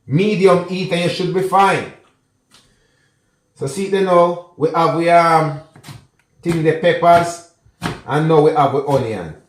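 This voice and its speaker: Jamaican man, home cooking vlog; high voice, chatty patois, roomy kitchen sound. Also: slight background noise. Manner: chatty patois mixed with English, addresses viewers directly. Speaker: cooking vlogger. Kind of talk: casual cooking tutorial.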